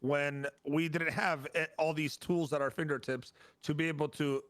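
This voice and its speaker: A man on a casual podcast debate, stubborn and halting, repeating his words as he argues back. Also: fairly high pitch, fairly even intonation, fairly bright tone, no room sound.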